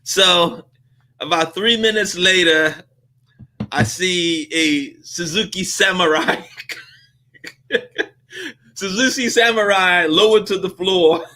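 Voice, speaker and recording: A man hosts a business vlog and tells a story in a loose, casual way, acting out each bit of dialogue. His voice sits a little high and comes out bright and forceful. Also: takes it slowly, pauses often. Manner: animated, laughs through his story, acts out dialogue. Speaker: vlog host on business advice.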